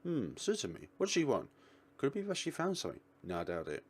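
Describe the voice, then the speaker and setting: A man's voice: mid-range voice, huge pitch swings, fast, husky. A man hosting a let's play, reading a visual novel in first person and voicing the protagonist with a dry, wry manner.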